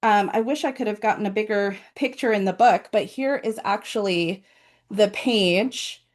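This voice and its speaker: A woman author hosting her own book launch over a video call, chatty and animated, with playful asides. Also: medium pitch, moderate pace. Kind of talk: casual live presentation.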